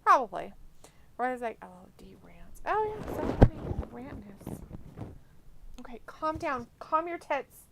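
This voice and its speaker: A woman's voice: on the high side, big pitch swings, slow, vocal fry, long pauses, heavy background noise. A woman hosting a casual live watch-along stream, reading chat aloud, blunt and profane, chatting to her cat between remarks.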